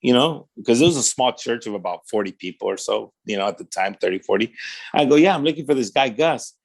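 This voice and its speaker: Animated man telling his life story. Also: mid-range voice, fast, vocal fry, husky. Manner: animated storyteller who acts out quoted dialogue; casual street slang, often says "man". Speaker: pastor. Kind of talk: telling his testimony in a podcast interview.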